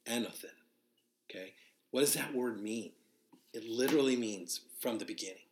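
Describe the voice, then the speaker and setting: A man's voice: mid-range voice, moderate pace, darkish tone, roomy sound. A man teaching verse by verse from the Bible as a pastor, in a conversational, unscripted way, often restarting his sentences. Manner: conversational, restarts and fillers, spells out Greek words. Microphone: live broadcast to listeners.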